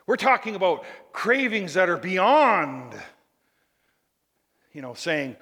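A male preacher delivers an animated sermon in a high, bright, ringing voice. He swings between loud bursts and near-murmurs, pausing to ask the congregation questions. The sound carries a long tail of reverb from a large hall.

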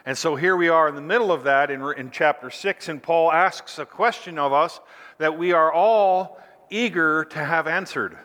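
A man's voice: a little high, normal speed, pushed and bright, in a large hall. A man preaching a sermon as pastor, stretching key phrases out for emphasis.

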